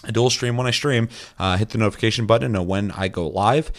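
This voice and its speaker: A man's voice: lowish voice, quick pace. A man co-hosting a casual gaming podcast, ranting and swearing often with bursts of laughter. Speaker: podcast co-host.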